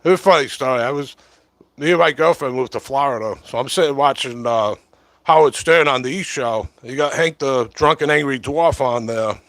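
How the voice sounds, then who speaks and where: A man's voice: mid-range voice, moderate pace, fairly bright tone, dry recording. A middle-aged man chatting casually and meandering on a livestream, talking close to a short-corded mic at his camera at home. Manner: chatty, meandering, lots of fillers. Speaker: livestream host. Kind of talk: casual rambling livestream chat. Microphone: short-corded mic right at the camera.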